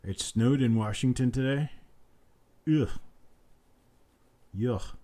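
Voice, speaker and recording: A man runs a live auction, chanting the same bid over and over in a mellow, relaxed voice. He drifts into easygoing, folksy chatter between calls, and it all sounds like it comes from his home. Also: mid-range voice, slow pace. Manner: repetitive bid-calling chant mixed with folksy banter. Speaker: auctioneer host. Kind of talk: live online auction calling with chatty asides.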